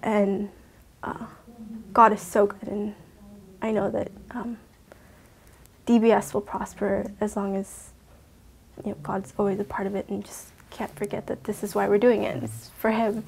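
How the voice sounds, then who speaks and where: A young woman who runs a Bible school, giving an excited testimony. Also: mid-range voice, measured pace, creaky, long pauses, a little hiss or hum. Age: young adult. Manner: bubbly, excited. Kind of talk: testimony interview.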